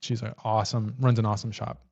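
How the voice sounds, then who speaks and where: A man hosting a casual livestream, answering viewer questions in a relaxed way with many fillers and restarts. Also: lowish voice, fast talker, creaky, dull audio. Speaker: livestream host.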